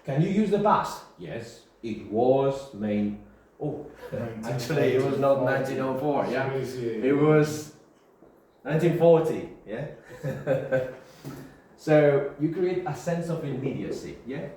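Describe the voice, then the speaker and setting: A man's voice: medium pitch, lively intonation, slow pace, darkish tone. A male English teacher giving a classroom grammar lesson, repeating key terms and checking in with his students. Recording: very echoey room, faint background hiss.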